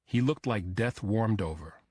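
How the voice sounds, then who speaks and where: A man reads a crime thriller audiobook with a measured, even delivery. His voice sits low with a husky grain. The recording is dry and close, with no room sound. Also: no echo. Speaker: audiobook narrator. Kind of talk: scripted first-person narration.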